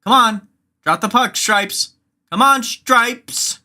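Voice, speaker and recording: A gamer doing profane, excitable mock play-by-play commentary while playing a hockey video game, often yelling at the action. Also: medium pitch, slow pace. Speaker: gamer commenting own match.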